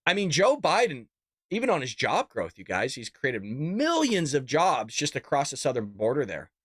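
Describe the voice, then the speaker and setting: A man's voice: mid-range voice, wildly swooping pitch, normal speed, a bit bright, breathy edge, no room sound, studio quality. A man hosting a casual political commentary show, talking in a mocking, sarcastic way and calling his listeners folks.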